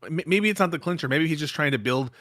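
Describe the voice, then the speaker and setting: A man's voice: a little high, fast, a bit bright, dry recording, studio quality. A man guesting on a podcast in casual political chat, laid-back and joking, swearing casually.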